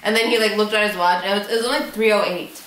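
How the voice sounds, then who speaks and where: A woman's voice: medium pitch, fairly even intonation, a bit bright, slight background noise. A young woman in her twenties chatting casually to camera as a vlogger, telling a story with laughs. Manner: chatty storyteller, drawn-out words, laughs mid-sentence. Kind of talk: casual vlog chat. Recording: echoey room.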